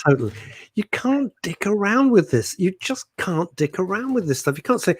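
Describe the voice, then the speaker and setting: Animated radio host. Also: male voice, high-pitched, moderate pace, slightly rough. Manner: animated, blunt and jokey, reads out listener messages. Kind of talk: casual radio chat.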